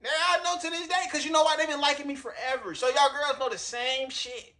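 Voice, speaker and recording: A man's voice: very high-pitched, fairly even intonation, brisk, pushed and bright. A man doing casual reaction commentary to camera, rambling and profane, talking straight to his viewers. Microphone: recording himself on camera.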